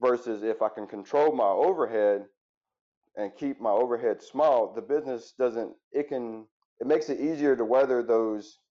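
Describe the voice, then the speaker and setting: A man's voice: medium pitch, moderate pace, dark tone, muffled recording. A man in his thirties, a former firefighter, telling his story in an interview in an earnest, reflective way. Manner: earnest and reflective, with frequent restarts. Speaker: interview guest, former firefighter turned business owner.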